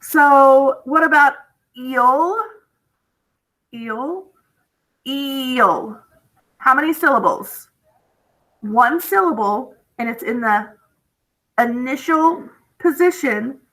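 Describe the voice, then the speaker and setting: Slow, bright-voiced woman teacher. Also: high-pitched, low-quality recording. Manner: slow, patient, drawing out each word. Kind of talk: spelling lesson for young students.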